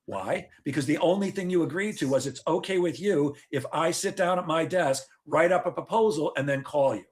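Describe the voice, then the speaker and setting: A man giving sales advice in a conversational interview, animated and joking, acting out sales calls as he tells them. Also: on the high side, brisk. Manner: joking, facetious asides. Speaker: sales trainer guest.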